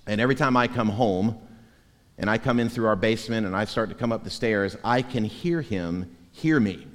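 A pastor preaching a sermon, animated and shifting between soft and loud delivery. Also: male voice, on the low side, moderate pace. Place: church sanctuary. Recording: reverberant church hall.

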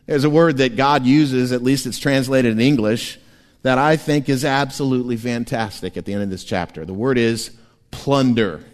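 A man preaching a sermon as pastor, animated and playful, often laughing and slipping into quick voices. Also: mid-range voice. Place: church sanctuary. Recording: long church hall reverb.

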